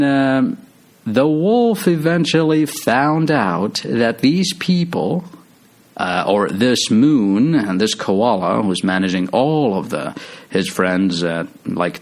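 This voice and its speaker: A man casually retelling a movie's story, rambling with lots of fillers and restarts. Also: medium pitch. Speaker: movie recap host.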